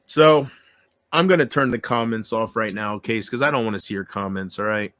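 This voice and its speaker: A man's voice: fairly low pitch, moderate pace, a bit bright. A man vlogging to his viewers in an upset, pleading rant, swearing and repeating himself, close to tears.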